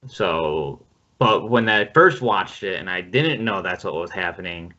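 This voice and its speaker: A man hosting a casual podcast, talking in a relaxed, rambling way with some swearing. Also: sits low, a little slow. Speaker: podcast host leading the film discussion. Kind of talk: casual chat. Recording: dull lo-fi podcast audio.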